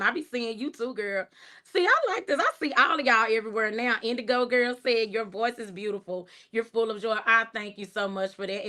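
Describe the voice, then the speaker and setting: A middle-aged woman with a Texas accent, chatting casually on her livestream, relaxed and soft-spoken, laughing as she reads viewer comments aloud. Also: mid-range voice. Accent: Texan. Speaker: livestream host.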